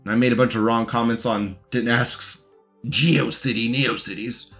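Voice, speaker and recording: A man's voice: mid-range voice, fairly even intonation, normal speed, fairly bright tone, soft background music. A man giving casual, mocking commentary as he reacts to a recorded debate and talks back to it.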